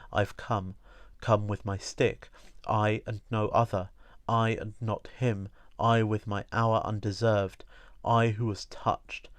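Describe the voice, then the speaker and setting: A man reading literary prose aloud in a slow, meditative, repetitive cadence. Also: lowish voice, clear, resonant tone, no room sound. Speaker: reader.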